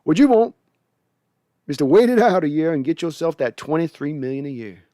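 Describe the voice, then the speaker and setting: A man's voice: a little high, big pitch swings, brisk, mellow, dry recording, studio quality. A man voicing a folksy old grandpa football coach who talks in a coaxing, drawling twang.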